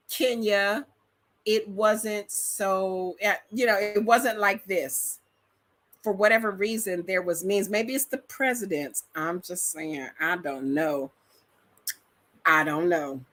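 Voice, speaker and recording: Animated bright-voiced Detroit woman vlogger. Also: mid-range voice. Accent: African American Vernacular English, Detroit. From metropolitan Detroit, USA. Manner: animated, storytelling, slangy and emphatic. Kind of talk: casual reaction chat to camera.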